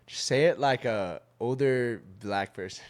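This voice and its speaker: A man co-hosting a podcast in laid-back, casual talk, laughing and slipping into quick voices. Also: medium pitch. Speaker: podcast co-host.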